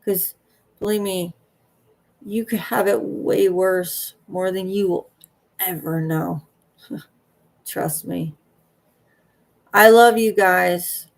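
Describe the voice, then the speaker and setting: A tired woman hosting a late-night livestream, halting and earnest, often trailing off. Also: fairly low pitch, steady tone, vocal fry, dark tone. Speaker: livestream host.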